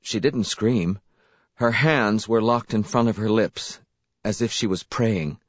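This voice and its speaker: A man reading a first-person story as an audiobook narrator, expressive and unhurried, in a slightly dull, dry recording. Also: fairly low pitch, dry recording.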